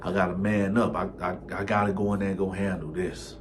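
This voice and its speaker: A man's voice: deep voice, fairly even intonation, fairly quick, slight background noise, lightly acted. A man doing a flustered, stammering young guy. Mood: resigned. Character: nervous young man caught cheating.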